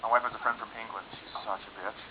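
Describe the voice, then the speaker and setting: A man doing a stand-up comedy set on a club stage, deadpan and sarcastic, switching into put-on voices for the people in his jokes. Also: on the low side, very fast, very noisy. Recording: lo-fi recording with loud audience laughter. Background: audience laughing.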